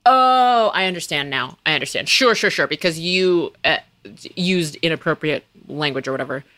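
A woman's voice: low-pitched, expressive, moderate pace, a bit bright, no room sound. A woman in her thirties co-hosting a podcast, chatting casually and thinking aloud with plenty of restarts. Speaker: podcast co-host. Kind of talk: casual chat.

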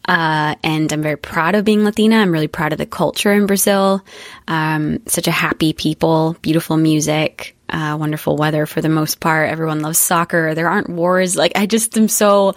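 A young woman with a lowish voice, born in the UK and raised in Spain and the USA, chatting as a guest. She talks in an animated, chatty way and laughs easily. The sound is close and dry. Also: normal speed, no room sound. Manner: animated, laughs often, slips into playful voices for quotes. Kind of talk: casual interview chat.

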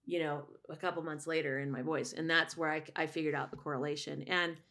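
A woman's voice: sits low, steady tone, a little fast, fairly bright tone. A middle-aged woman, a voice teacher and singer, telling a personal story candidly in a rambling way with many restarts.

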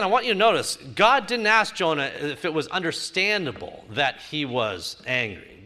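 A man's voice: on the high side, pushed and bright. A male pastor preaching a sermon, emphatic and building his points through repeated phrases.

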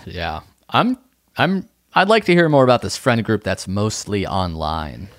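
A man's voice: fairly low pitch, very animated, measured pace. A man co-hosting a comedic advice podcast, joking around and reading listener letters aloud. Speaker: podcast co-host.

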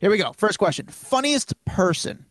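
A man co-hosting a podcast, briskly running a quick-fire question round in casual interview. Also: high voice, sing-song, a bit bright, no room sound. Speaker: podcast co-host.

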